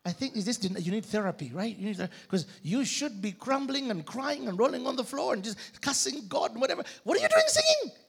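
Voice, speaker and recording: Man doing a squeaky incredulous doctor, scolding, gravelly edge. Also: big pitch swings, brisk, few pauses, fairly bright tone, exaggerated voice. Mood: baffled. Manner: exclaiming, scolding questions. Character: incredulous male doctor, baffled and pushy.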